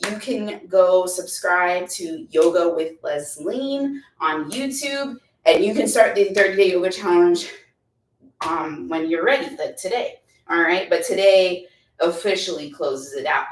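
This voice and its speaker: A woman's voice: fairly low pitch, lively intonation, measured pace, slight background noise. A woman yoga instructor guiding a class, upbeat and playful, chatty with whoops and laughter. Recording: echoey room, mic at a distance.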